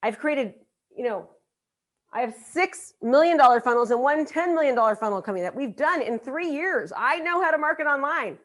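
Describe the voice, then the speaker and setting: A middle-aged woman with a slightly high voice speaks as a business coach at a live event. She talks emphatically and drives her points home by repeating them. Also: expressive, normal speed, a bit bright. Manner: emphatic, repeats key lines for effect. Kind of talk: motivational seminar talk.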